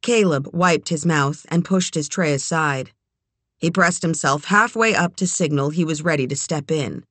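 A woman narrating a novel as an audiobook reader, in a measured, even way. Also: sits low, no room sound. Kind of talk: scripted narration.

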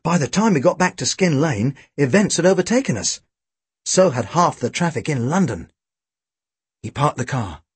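A man narrating a storybook with a dry, wry, expressive delivery. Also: a little high, normal speed, breathy edge, no room sound. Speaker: audiobook reader.

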